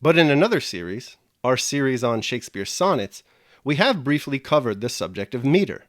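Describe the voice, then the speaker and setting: A man's voice: mid-range voice, very animated, dry recording, clean studio sound. A man narrating a scripted video lesson, explaining things carefully and speaking straight to the viewers. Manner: measured, explanatory, addresses viewers directly. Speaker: teacher.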